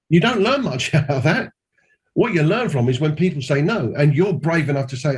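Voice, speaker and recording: Husky guy mentoring on a call, pushy and emphatic, says things twice. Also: fairly high pitch, sing-song, a little fast. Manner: emphatic, repeats key points. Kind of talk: mentoring talk. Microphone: call audio.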